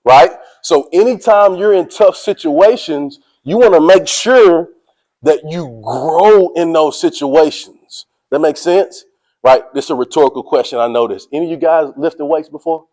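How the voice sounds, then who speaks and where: A high-pitched man gives a fired-up motivational talk to a team. He talks in casual slang, says "y'all", and keeps calling out to his listeners to make them pay attention. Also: unhurried, low-quality recording. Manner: energetic, preachy, calls out to listeners. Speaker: motivational speaker.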